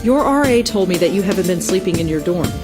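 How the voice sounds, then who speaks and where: A woman's voice: lowish voice, expressive, fast talker, close to an everyday voice. An actress voicing an inquisitive young female investigator who asks pointed questions. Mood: questioning. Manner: questioning, probing. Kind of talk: video game voice acting. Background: game music.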